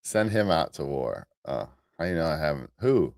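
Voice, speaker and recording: A man with a deep, low American voice rambles through a casual morning stream, restarting sentences and laughing at his own asides. The sound is close and dry, with no room around it. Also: very animated, normal speed, vocal fry, darkish tone, dry recording. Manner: rambling, restarts, chuckles at himself. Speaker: host of a live morning commentary stream.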